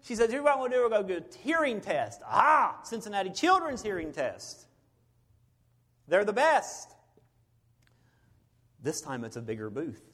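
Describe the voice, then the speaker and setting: A middle-aged man, a preacher, telling a personal story in a sermon, swinging between loud bursts and hushed moments. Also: high-pitched, wildly swooping pitch, a little slow, long pauses, husky.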